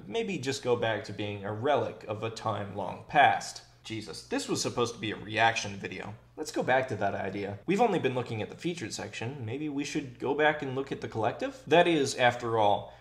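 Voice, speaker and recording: A man hosting a comedic commentary video, sarcastic, animated and self-aware. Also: mid-range voice, roomy sound. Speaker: video essayist.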